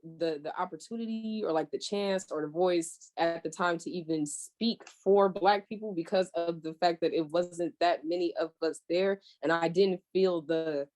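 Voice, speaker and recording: A woman's voice: on the low side, moderate pace, hardly any pauses. A young woman from California, a podcast guest, telling her story in casual chat, swearing freely and acting out what she said back then. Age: young adult. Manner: animated storyteller, swears freely, acts out her own past remarks.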